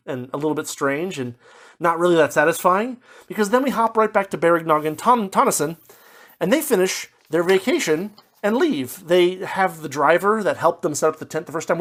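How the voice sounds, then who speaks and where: A man giving a casual spoken book review, rambling with lots of fillers and restarts, now and then slipping into quick mock voices as he paraphrases. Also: a little high, a bit bright. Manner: puts on brief mock voices when paraphrasing.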